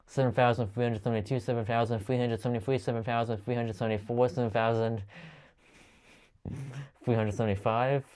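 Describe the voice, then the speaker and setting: A man counting aloud at length, stumbling and restarting often as he goes. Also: medium pitch. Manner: rapid steady counting with frequent stumbles and restarts. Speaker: channel host counting aloud. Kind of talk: long monotone counting video.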